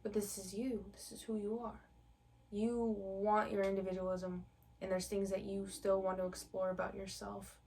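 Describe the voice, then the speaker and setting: A woman's voice: medium pitch, level tone, moderate pace, gravelly, darkish tone, recorded from a distance, slight background noise. Chatty woman giving a tarot reading. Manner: chatty, conversational, many fillers; speaks to the viewer directly. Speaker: tarot reader.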